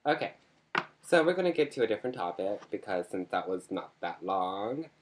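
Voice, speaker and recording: Low-voiced man rambling to camera. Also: very animated, normal speed. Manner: rambling, joking and self-mocking. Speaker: vlogger. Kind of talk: casual chat to camera.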